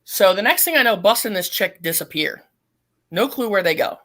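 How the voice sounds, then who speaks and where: A woman's voice: medium pitch, expressive, normal speed, fairly bright tone. Blunt, profane woman telling stories. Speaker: guest. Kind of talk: casual storytelling.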